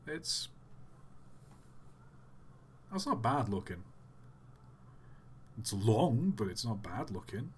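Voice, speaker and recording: A man's voice: mid-range voice, sing-song, slow pace, pauses often, a little hiss or hum. A man hosting a live stream, tired and yawning, giving dry, sarcastic running commentary on pictures with groans of disbelief. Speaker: livestream host.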